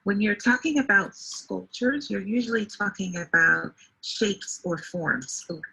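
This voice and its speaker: A woman tutor explains words patiently in a one-to-one English lesson over a video call. Her voice is bright, with some gravel and husk to it. She speaks steadily and clearly for the student. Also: mid-range voice, measured pace, low-quality recording.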